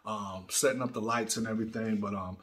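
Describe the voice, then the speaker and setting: A man's voice: on the low side, fairly even intonation, a little fast, fairly bright tone. Heartfelt rambling male vlog host. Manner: heartfelt, rambling, repeats words. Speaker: channel host. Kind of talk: casual vlog talk. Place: studio.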